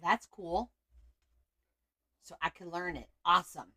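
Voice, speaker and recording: A chatty middle-aged woman hosting a craft livestream from her phone at home. Her voice sits a bit low yet cuts through bright and crisp. She teases and greets each viewer by name. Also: a little slow. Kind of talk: casual livestream chat with viewers.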